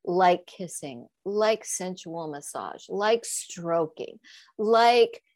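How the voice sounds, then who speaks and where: A woman's voice: fairly low pitch, drawn-out words, no echo. A woman sex coach and author telling stories in a casual interview, laughing often and acting out the voices of people she quotes. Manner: animated, laughing storyteller who acts out quoted voices.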